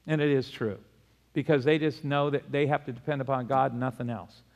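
A man, a pastor preaching a sermon, animated, often laughing, his voice jumping up in pitch for emphasis. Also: fairly quick, vocal fry, dull audio. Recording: long hall reverb.

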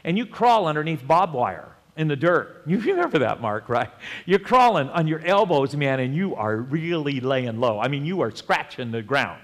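A man preaching a sermon in a conversational way, with joking asides and chuckles and slow, deliberate scripture reading. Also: a little high, sing-song, big-room sound. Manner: reads scripture slowly and deliberately. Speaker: pastor.

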